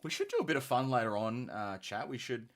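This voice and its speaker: A man's voice: mid-range voice, sing-song, brisk. A man hosting a live hobby stream, chatty and jokey, greeting viewers with slang. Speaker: stream host. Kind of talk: casual live-stream banter.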